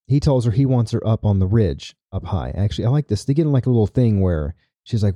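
Dark-voiced man recapping a story. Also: on the low side, animated, fast, dry recording, studio quality. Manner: chatty, tags lines with "right?". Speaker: podcast host.

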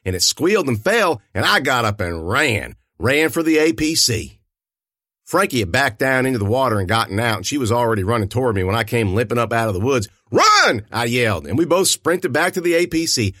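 Male narrator, folksy rural storytelling, animated pitch, dry close recording. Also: dry recording. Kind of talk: first-person audio fiction narration.

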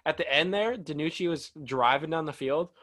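A young man co-hosting a sports podcast, rambling and animated, with lots of "like". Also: a little high, normal speed, no echo. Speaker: podcast co-host. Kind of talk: casual sports chat.

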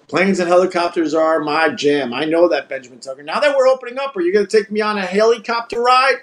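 A man hosting a casual live chat, telling stories with swearing and animated asides to his viewers. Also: high-pitched. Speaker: host reading live chat.

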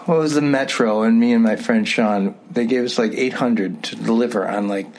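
A man's voice: mid-range voice, normal speed, a little mellow, low-quality recording. Tired, wry man. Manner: wry, joking, self-deprecating. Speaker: musician guest. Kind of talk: casual interview chat.

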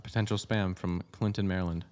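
A man's voice: low-pitched, brisk. A young man co-hosting a casual podcast, telling stories with lots of laughter and acted-out voices. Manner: animated storyteller who laughs a lot and acts out voices. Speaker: podcast co-host. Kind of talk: casual chat.

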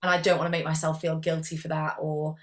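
A young Englishwoman, a guest athlete, talks casually in an interview with a somewhat low voice and little pitch movement. She speaks fast, rambling freely and scattering "like" throughout in an easygoing, chatty way.

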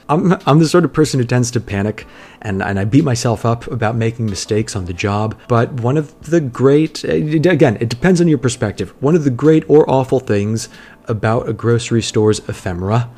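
A man's voice: mid-range voice, a little mellow. Earnest man reading a personal essay. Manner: reflective, earnest, with small restarts. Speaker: essayist reading his own piece.

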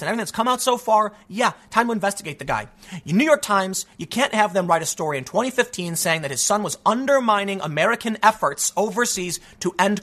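A man's voice: sits high, fairly bright tone. A young man giving a heated, exasperated solo political commentary, ranting with frequent restarts.

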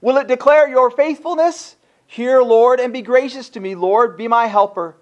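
A man's voice: very high-pitched, moderate pace, dull audio. A man preaching a sermon as pastor, driving his points home with repeated rhetorical questions and reading scripture aloud between his remarks.

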